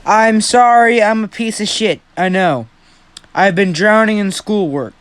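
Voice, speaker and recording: Young guy rambling through a made-up fan story, swears a ton, kinda high voice. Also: unhurried, fairly bright tone, clean tone. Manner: rambling, self-deprecating, heavy swearing. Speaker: fan-story channel host. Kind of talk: casual improvised storytelling.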